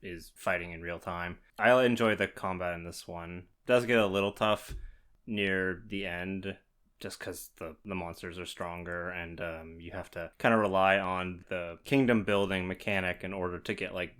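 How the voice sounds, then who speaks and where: A man with a low voice co-hosts a casual gaming podcast. He explains game mechanics in a relaxed, easygoing way, with dry humor. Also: moderate pace. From Canada. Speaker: podcast co-host. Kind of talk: casual chat.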